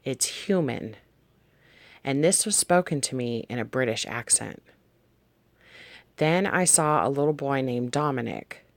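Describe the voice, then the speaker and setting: In a casual testimony read from a notebook, a vlog host recounts dreams and visions, drifting off track and self-correcting while speaking directly to viewers. Their mid-range voice has lively intonation, vocal fry, and a measured pace, in a dry recording.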